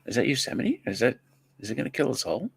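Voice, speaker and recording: A man's voice: medium pitch, very animated, fast, creaky, husky, dry recording. Teasing man with dry jokes. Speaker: co-host. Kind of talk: casual banter.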